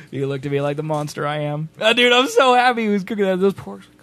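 A man co-hosting a streamed show, chatting casually, excitable and laughing a lot as he acts out silly dialogue. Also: high voice, brisk. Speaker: show co-host. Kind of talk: casual chat while gaming on stream.

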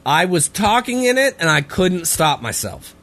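Playful bantering man, lively pitch. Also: normal speed. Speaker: podcast co-host. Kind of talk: casual chat.

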